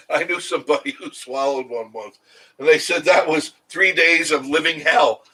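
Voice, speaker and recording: A man's voice: fairly high pitch, sharp tone, slightly rough, low-quality recording. A middle-aged man hosting a casual live stream, rambling and chuckling as he answers viewer comments.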